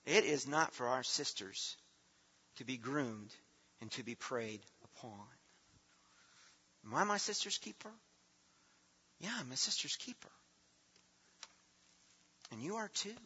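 A middle-aged man preaching a sermon as pastor, earnest, his voice swelling loud and then dropping soft. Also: mid-range voice, expressive, a little slow, pauses often, slightly rough. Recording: dull lo-fi sound in a reverberant hall.

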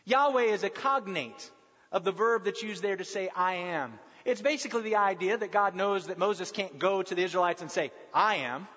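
High-voiced man preaching a sermon. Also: a bit bright, breathy edge. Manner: earnest, emphatic, with long pauses. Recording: dull recording with long hall reverb.

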